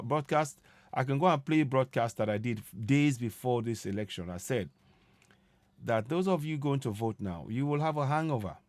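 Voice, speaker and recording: A man's voice: mid-range voice, dry recording. A man hosting an online commentary show, speaking emphatically and repeating his key points. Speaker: host.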